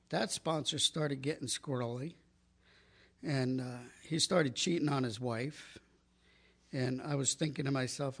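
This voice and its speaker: A man shares his recovery testimony in a gravelly, slightly husky voice, pitched a little above the usual male range. He talks candidly and swears freely, circling back with fillers and restarts as he goes. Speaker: recovering alcoholic sharing his story.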